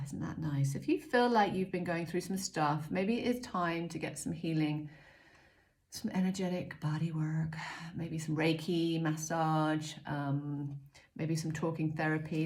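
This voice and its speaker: A middle-aged woman giving a casual spiritual card reading, gentle and chatty with many pauses and ums. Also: deep voice. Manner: gentle, chatty, frequent ums, self-mocking asides. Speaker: oracle card reader. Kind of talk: casual spiritual guidance talk.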